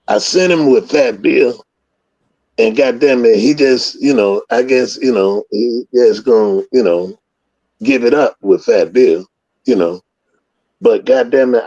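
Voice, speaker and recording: Gravelly man, profane storyteller. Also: medium pitch, muffled recording. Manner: profane, rambling storyteller who acts out scenes loudly. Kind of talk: casual storytelling.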